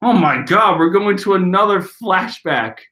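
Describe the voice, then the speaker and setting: A man's voice: sits high, expressive, measured pace, bright, forceful tone. A man reading a comic aloud on a live stream, reacting with laughter and exasperated rants. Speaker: host. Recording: roomy echoey room.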